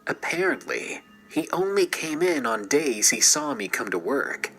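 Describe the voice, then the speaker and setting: A man's voice: fairly high pitch, wildly swooping pitch, unhurried, creaky, bright, forceful tone, soft background music, rough recording. A man narrating a true scary story in a scripted, dramatic way and dropping into whispers at tense moments.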